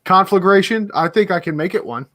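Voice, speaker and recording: High-voiced, joking male co-host. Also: a little fast. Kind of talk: casual podcast chat.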